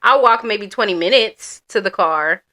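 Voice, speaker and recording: A woman co-hosting a podcast in casual, expressive, teasing chat. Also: medium pitch, moderate pace. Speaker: podcast co-host, story reader.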